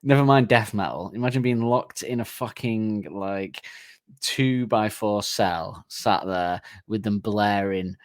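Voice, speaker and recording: A man's voice: lowish voice, a little slow, no echo. Dry-voiced joking man co-hosting a podcast. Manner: jokey, rambling, swearing, bursts into silly sung voices. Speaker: podcast co-host. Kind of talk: casual chat.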